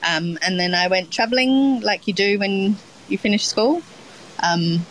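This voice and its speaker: A woman's voice: mid-range voice, unhurried, a little hiss or hum, rough recording. A middle-aged Australian woman, a chef being interviewed, talking in a rambling, casual way with many ums and restarts. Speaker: chef, guest.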